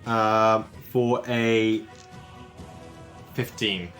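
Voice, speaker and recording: Player, low voice, halting casual talk, faint music. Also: male voice, steady tone, fairly bright tone. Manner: hesitant, many "uh" fillers. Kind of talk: casual tabletop play.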